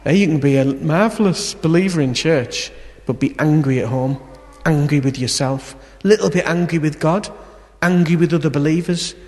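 A man preaching a sermon, telling a story and swinging between loud emphasis and quiet, intimate moments. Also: a little high, normal speed, hardly any pauses. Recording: long hall reverb.

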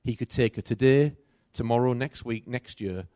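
A middle-aged man preaching a sermon, telling a personal story with animated swings between loud and soft. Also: mid-range voice, moderate pace, no echo, clean studio sound.

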